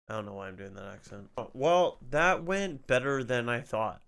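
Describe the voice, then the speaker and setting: A young adult man streaming live, chatting casually about work and then reacting loudly while gaming, with frequent swearing. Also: mid-range voice, animated, normal speed, gravelly, hardly any pauses, smooth.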